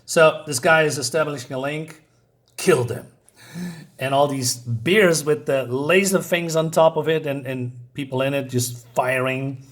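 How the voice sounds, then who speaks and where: A man reviews a comic book in a loose, chatty way. He rambles, fills pauses with "um" and "uh", and corrects himself often. He reads the characters' lines aloud in much the same plain voice as his own. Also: fairly high pitch, a bit bright. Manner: rambling, with many fillers and self-corrections. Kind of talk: casual video review.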